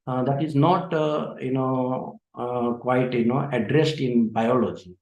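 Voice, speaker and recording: Male conference presenter with a mid-range voice, halting delivery full of fillers, roomy hall sound. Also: mid-range voice, fairly even intonation, darkish tone. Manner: halting, with frequent "uh" and "you know" fillers. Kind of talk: conference introductory lecture.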